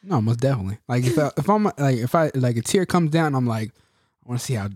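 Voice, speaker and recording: A man's voice: mid-range voice, lively intonation, fast, a little mellow, no echo, studio quality. A man co-hosting a casual podcast chat, joking and acting out quotes in a raised voice. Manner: jokey, acts out quotes in a raised voice. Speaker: podcast co-host.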